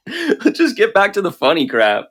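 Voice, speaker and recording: Lively, jokey male podcast host. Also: sits high, slight background noise. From United States. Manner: jokey, slips into mock-formal phrasing. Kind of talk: casual comedic chat.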